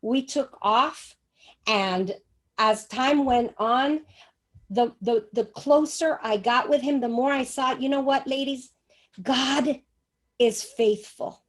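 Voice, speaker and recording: A woman's voice: high voice, slow pace. An older woman giving a personal testimony in church, telling her story emphatically and acting out the dialogue. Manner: animated, acts out dialogue, emphatic.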